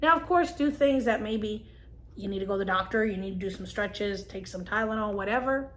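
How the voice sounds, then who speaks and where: A woman, telling a personal story and giving gentle, earnest advice to camera as a vlogger. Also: mid-range voice, brisk. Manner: earnest, gentle, emotional at times.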